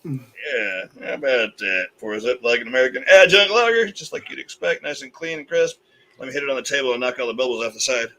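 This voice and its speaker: Man, very bright voice, upbeat casual chat, video call. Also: mid-range voice. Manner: upbeat, chatty, with exclamations. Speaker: guest on a live beer show. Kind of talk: casual live-stream chat.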